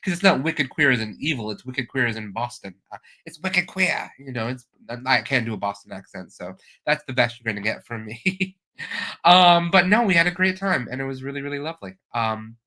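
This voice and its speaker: Man hosting a live stream, bright tone, enthusiastic, chatty. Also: medium pitch, animated, a little fast. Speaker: host. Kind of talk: live stream chat show.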